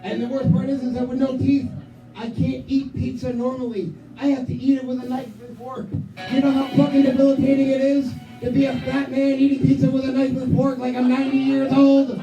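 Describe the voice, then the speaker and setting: A man in his thirties doing a crude, self-mocking stand-up set with heavy swearing, often breaking into loud acted-out quotes of himself. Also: very high-pitched, completely flat delivery, a little fast, muffled recording. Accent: New England. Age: 30s. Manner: acts out his own voice in loud quoted asides. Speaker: stand-up comic. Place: small comedy club stage. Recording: roomy club sound from a distance. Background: live music and crowd.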